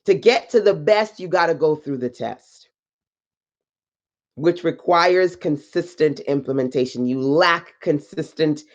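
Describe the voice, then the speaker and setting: A woman business coach on a live stream, talking slowly and emphatically in a preachy motivational style with slang asides and greetings to viewers. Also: low-pitched, highs cut off. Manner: deliberately slow delivery.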